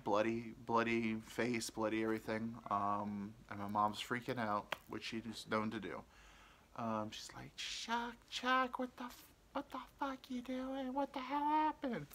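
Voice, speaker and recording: A man's voice: lowish voice, sharp tone, slight background noise. A man hosting a podcast, telling a rambling personal story, hesitant, with many ums and restarts. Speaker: podcast host.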